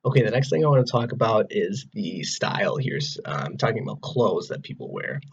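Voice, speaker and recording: Husky young American man rambling casually. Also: fairly low pitch, very animated, brisk, muffled recording. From Wisconsin, USA. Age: 20s. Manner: rambling, many "like"s and restarts. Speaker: vlogger. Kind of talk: casual talk to camera. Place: his own room, indoors.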